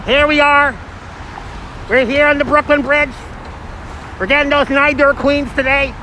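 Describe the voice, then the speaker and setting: A man doing a hyped, high Pokemon-hunter voice. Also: unhurried, heavily acted, low-quality recording. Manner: excited, high and loud. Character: hyped-up adult male Pokemon Go player on the hunt. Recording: outdoor traffic noise.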